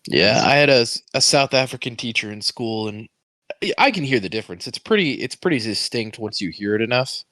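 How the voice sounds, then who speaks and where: A man's voice: mid-range voice, lively intonation, fairly quick, fairly bright tone, dry recording. A man co-hosting a podcast in casual chat, teasing the others and jumping in eagerly. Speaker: podcast co-host.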